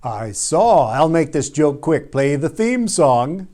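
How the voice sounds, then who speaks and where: A man's voice: fairly high pitch, big pitch swings, takes it slowly. A man playing a goofy pun-telling jokester. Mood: joking. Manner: jokey, fumbles stage directions aloud. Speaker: caller in a church skit. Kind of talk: amateur stage skit.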